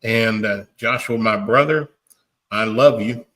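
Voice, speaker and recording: A man's voice: fairly low pitch, a little slow, pushed and bright. A man hosting a podcast, making a fervent, emotional appeal while close to tears, often stumbling over repeated words. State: tearful. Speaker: podcast host. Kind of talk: impassioned appeal, preacher-like.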